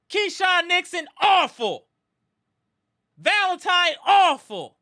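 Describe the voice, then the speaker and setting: A woman's voice: high voice, animated, a little slow, sharp tone. A woman hosting a live sports reaction stream, ranting in anger and frustration with repeated outbursts. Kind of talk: live fan reaction rant.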